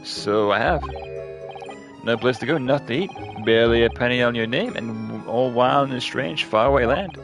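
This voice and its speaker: A man's voice: medium pitch, moderate pace, vocal fry, natural voice. A man reading a boastful rich gent. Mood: expansive. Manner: read plainly without an accent. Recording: game music behind.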